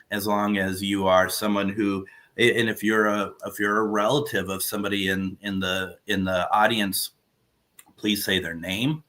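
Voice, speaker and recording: A man talking casually from his home as he runs a spirit box session, halting and restarting as he searches for words. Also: fairly low pitch, bright, forceful tone. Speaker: paranormal radio host running a spirit box session. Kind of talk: casual live session chat.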